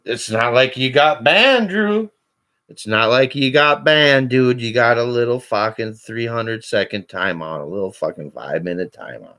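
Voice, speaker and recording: A man on a call-in show, ranting angrily and swearing constantly, his voice climbing toward shouts. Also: mid-range voice, unhurried. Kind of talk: angry profane rant.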